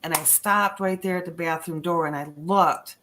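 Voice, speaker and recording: A woman's voice: on the low side, normal speed, a little hiss or hum. A woman guest telling personal stories on a podcast, acting out voices and sounds as she goes. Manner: animated storyteller acting out quotes. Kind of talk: storytelling on a paranormal podcast.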